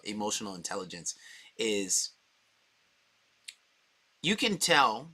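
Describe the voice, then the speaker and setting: A man's voice: medium pitch, bright, forceful tone. A man talking as a dating coach, giving a blunt, profane, heated opinion monologue.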